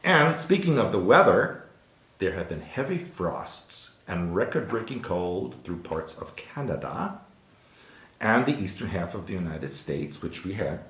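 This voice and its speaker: A man's voice: deep voice, big pitch swings, a little slow, fairly bright tone, echoey room. A man hosting a casual news chat show, reading weather stories with jokey asides. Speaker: show host.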